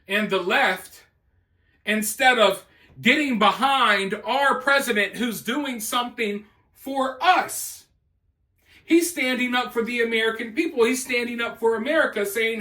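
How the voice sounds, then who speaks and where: A man's voice: very high voice, a little slow, sharp tone, roomy sound, far from the mic. A man giving emphatic, mocking political commentary. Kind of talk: opinion commentary.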